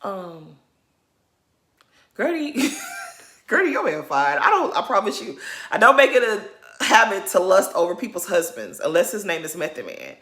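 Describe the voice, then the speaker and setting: A woman's voice: fairly low pitch, big pitch swings, moderate pace, a bit bright. A woman vlogger recapping a reality show in a sassy, gossipy way, laughing often. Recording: roomy echo.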